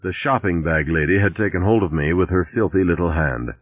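Here an audiobook narrator with a low voice reads a little fast, voicing the novel's first-person narrator with dry wryness. No room sound comes through on the tinny, dry, lo-fi recording.

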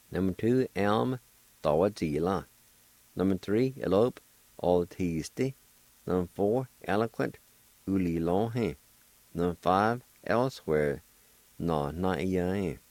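A man's voice: sits low, slow, a little mellow, dry recording, low-quality recording. A man teaching a language lesson, spelling and pronouncing words syllable by syllable in a patient, encouraging way. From Oklahoma. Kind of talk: slow spelling and pronunciation lesson.

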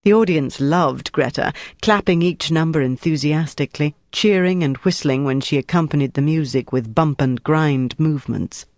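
A narrator reading a novel in a steady, measured way. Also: mid-range voice, dry recording. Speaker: audiobook narrator. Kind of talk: scripted narration.

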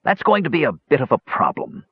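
A man's voice: mid-range voice, huge pitch swings, brisk, husky, dry recording, voice pushed up. A man voicing a sly, blustering dwarf gambler who stammers sheepishly, in an audiobook reading. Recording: dull lo-fi recording.

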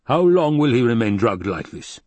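A man's voice: medium pitch, very animated, normal speed, a little mellow, no room sound. A man voicing a cruel, imperious fat baron who snaps out demands and questions. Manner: snappish and demanding.

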